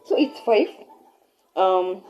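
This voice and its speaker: A young woman with a Kenyan accent telling a personal story in a casual, animated way, switching between English and Swahili mid-sentence. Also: mid-range voice, slow, muffled recording. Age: young adult. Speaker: vlogger.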